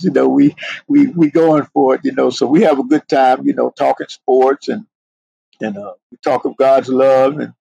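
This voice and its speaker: A man's voice: medium pitch, creaky, mellow, husky, dry recording, dull audio. A middle-aged man, a police sergeant, earnestly telling a personal story as a podcast guest, often saying "you know". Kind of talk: heartfelt storytelling interview.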